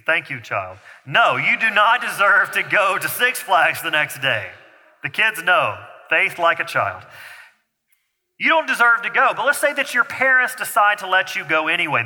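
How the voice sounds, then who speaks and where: Man, pastor, conversational sermon, teases kids in the room, ringing bright tone. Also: a little high. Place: church sanctuary. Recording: hall reverb.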